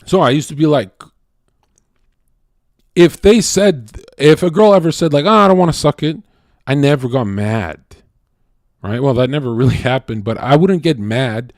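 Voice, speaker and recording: A man's voice: medium pitch, lively intonation, a little slow, pauses often, darkish tone, no echo, studio quality. A man livestreaming, telling a crude, profane confessional story with stammered restarts. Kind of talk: casual unscripted stream monologue.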